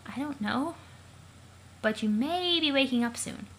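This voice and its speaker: A woman voicing a calm, knowing young woman who patiently explains, for a let's play of a comic. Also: high voice, measured pace, heavily acted, low-quality recording.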